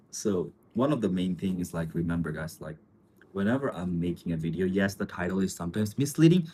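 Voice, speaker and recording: A man hosting a casual livestream, answering viewer comments in rambling, relaxed with many fillers and frequent chuckles. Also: low voice, slightly rough. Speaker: livestream host.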